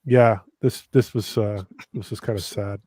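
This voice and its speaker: A man's voice: fairly low pitch, steady tone, a little slow, warm tone, slightly rough, no room sound. A man chatting casually about a film, often stalling on fillers as he hunts for words. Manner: hesitant, many fillers. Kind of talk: casual movie-watch commentary.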